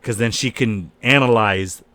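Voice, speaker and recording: A man co-hosting a podcast in casual chat, talking in an animated, profane way and acting out scenes in quoted voices. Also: on the low side, measured pace, dry recording. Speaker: podcast co-host.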